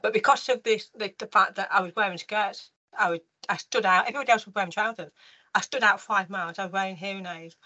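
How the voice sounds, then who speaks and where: A woman from the United Kingdom, an interview guest telling her life story in a lively way, with many restarts and fillers. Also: medium pitch, quick pace, dull audio.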